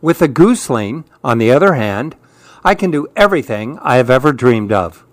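A man reading children's storybooks aloud with an expressive, lilting delivery. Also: medium pitch, moderate pace, no echo.

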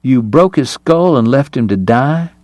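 A man voicing a cold Southern gunman who speaks softly, flatly and slowly with contempt. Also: medium pitch, dry recording, lightly acted. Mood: menacing. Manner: soft, flat, slow, contemptuous. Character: cold, menacing Southern gunman, quiet and courteous.

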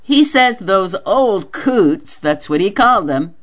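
A woman's voice: medium pitch, lively intonation, takes it slowly. A woman voicing an earnest, talkative middle-aged woman who is upset and grieving, heard on a dull lo-fi radio reading. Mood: troubled. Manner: earnest, talkative, rising indignation.

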